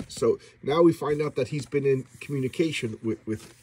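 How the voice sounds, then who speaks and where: A man excitedly retelling a comic book story in a casual recap, acting out the characters and making boom sound effects. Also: normal speed, slight background noise.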